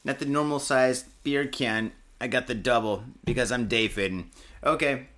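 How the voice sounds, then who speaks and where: A man hosting a casual podcast, swearing freely as he rambles through stories. His voice is bright and forceful, at an ordinary pitch for a man. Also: normal speed. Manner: profane, rambling storytelling. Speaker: podcast host.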